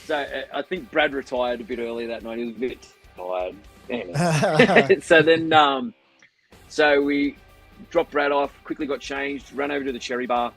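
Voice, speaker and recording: An Australian man, a band musician, telling a long story in a lively, rambling way and acting out what people said. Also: mid-range voice, normal speed, creaky, faint music behind, rough recording. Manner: animated, rambling, acts out others' lines. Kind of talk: casual storytelling on a livestream.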